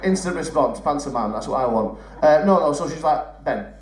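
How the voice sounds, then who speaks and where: A man's voice: on the high side, expressive, normal speed, distant mic. A young man doing live stand-up comedy on a theatre stage, chatty and teasing the crowd, swearing freely. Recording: roomy theatre sound from off-mic.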